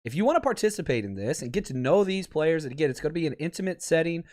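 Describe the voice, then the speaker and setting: A man's voice: a little high, very animated, fast talker, darkish tone. A man hosting a sports podcast, ranting with big swings between outbursts and laughing asides. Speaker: podcast host. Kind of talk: fired-up sports podcast rant. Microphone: streaming podcast mic.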